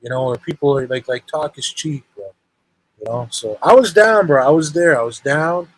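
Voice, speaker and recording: A man's voice: mid-range voice, moderate pace, low-quality recording. A young man telling a long story in casual chat, rambling and full of street slang. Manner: rambling, street slang, lots of "bro" and "right?".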